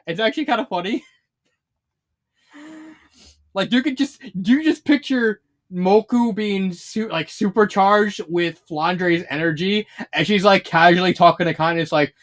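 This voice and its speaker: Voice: medium pitch, moderate pace. A fanfiction reviewer talking casually, rambling with many restarts and fillers and laughing often while retelling scenes.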